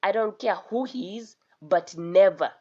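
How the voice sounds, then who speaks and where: A woman voicing a furious, vengeful middle-aged wife who shouts in anger, with a dull lo-fi sound. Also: lowish voice, lively intonation, moderate pace, lightly acted. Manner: angry shouting.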